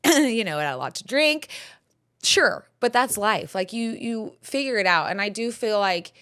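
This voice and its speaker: Here a thirtysomething woman hosting a podcast chats casually as she tells a story, rambling openly with many fillers and bursts of laughter. Her voice is medium in pitch with a fairly bright tone.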